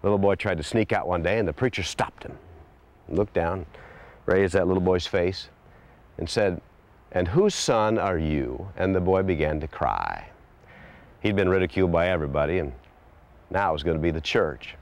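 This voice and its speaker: A man telling an inspirational story in scripted narration, gentle and reflective. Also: sits low, animated, moderate pace, long pauses.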